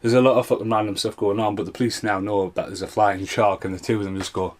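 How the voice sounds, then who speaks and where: A man with a fairly low voice talks through a run of bad films in a loose, off-the-cuff review. He is sarcastic and swears constantly. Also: little pitch movement, fast talker. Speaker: film reviewer. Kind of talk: casual spoken review.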